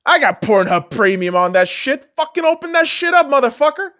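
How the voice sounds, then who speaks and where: Male podcast host, furious profane rant, very lively pitch, shouts then mutters. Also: fairly quick. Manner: angry, insulting, swings between yelling and muttering.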